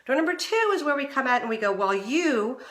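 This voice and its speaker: A middle-aged woman hosts an advice talk with a fairly high, bright voice. She talks straight to the viewer and is lively and expressive. She acts out the lines people say, with big jumps in pitch. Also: racing, echoey room. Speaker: relationship coach and show host. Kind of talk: direct-to-camera advice talk.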